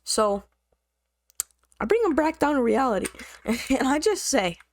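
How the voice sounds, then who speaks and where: A woman vlogger telling a story in a slangy, joking, animated way. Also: sits high, a little slow. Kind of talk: casual storytime.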